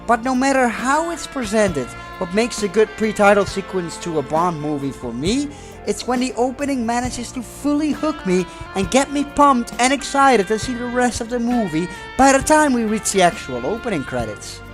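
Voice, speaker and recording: A man's voice: very high-pitched, lively intonation, normal speed, music in the background. A Dutch man narrating his own fan video in a scripted, earnest and enthusiastic way, speaking English as a second language. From Netherlands. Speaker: channel host.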